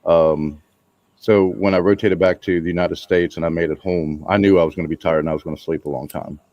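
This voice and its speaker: A man co-hosting a casual podcast, telling a relaxed story. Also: deep voice, fairly quick, no echo, lo-fi sound. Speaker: podcast co-host. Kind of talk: casual chat.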